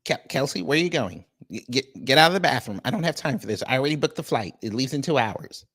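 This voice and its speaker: A man's voice: a bit bright, close to an everyday voice. A man voicing a fussy, panicky American woman expat who wants to flee earthquakes. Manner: shrill, fussy, frantic.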